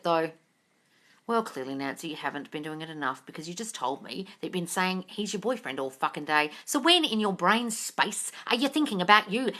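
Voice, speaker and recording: A woman's voice: on the high side, bright, forceful tone. A woman hosting a livestream Q&A, answering viewer questions in a blunt, profane, exasperated way and calling listeners darling.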